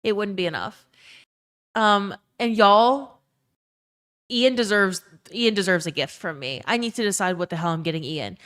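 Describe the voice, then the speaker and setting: A woman's voice: mid-range voice, normal speed, fairly bright tone. A young woman streamer in casual chat, ranting with plenty of swearing and reading chat messages aloud. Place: her own emptied bedroom.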